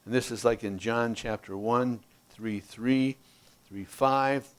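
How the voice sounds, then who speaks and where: A man's voice: medium pitch, takes it slowly. Male Bible teacher explaining scripture. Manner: explanatory, checks in with frequent "okay?"; reads scripture aloud with rising emphasis. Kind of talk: verse-by-verse Bible study teaching.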